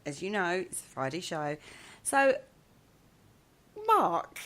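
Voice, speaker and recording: A woman's voice: lowish voice, big pitch swings, takes it slowly, a bit bright. A woman hosting a casual podcast, playful and teasing. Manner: playful, teasing, laughs often. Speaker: host.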